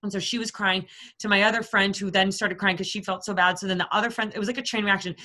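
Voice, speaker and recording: A woman's voice: medium pitch, steady tone, fast, bright, forceful tone. A woman in her thirties from the Boston area, co-hosting a podcast and telling rambling stories full of swearing. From Boston area, USA. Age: 30s. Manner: profane, rambling storyteller. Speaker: podcast co-host. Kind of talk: casual chat.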